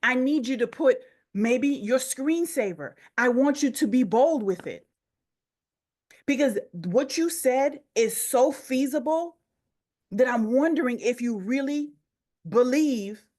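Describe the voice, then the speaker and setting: A woman's voice: high voice, lively intonation, slow, a little mellow. A woman business coach leading a motivational session, urging listeners with emphatic repetition.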